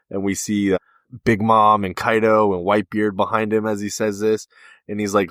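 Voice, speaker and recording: A low-pitched man co-hosts a podcast in easy conversational recap mode. He walks through each scene and slips into the characters' lines as he goes. The sound is dry and close, with no room around it. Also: level tone, moderate pace, a bit bright, no room sound. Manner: retells scenes with quoted dialogue. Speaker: podcast co-host. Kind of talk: casual recap chat.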